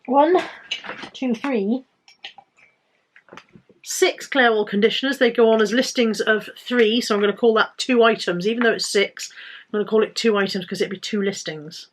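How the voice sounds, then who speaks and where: A woman's voice: fairly high pitch, normal speed, pauses often, slight background noise. A British woman vlogging casually about items she bought to resell, chatty and rambling with self-corrections. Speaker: resale vlogger. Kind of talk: casual haul vlog.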